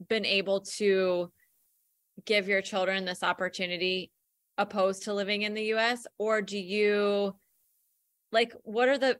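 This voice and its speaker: A woman hosts a podcast, chatting casually and asking long, winding questions. Her voice is bright and forward. The recording is dry and close. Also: mid-range voice, no room sound. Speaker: podcast host. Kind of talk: casual conversation.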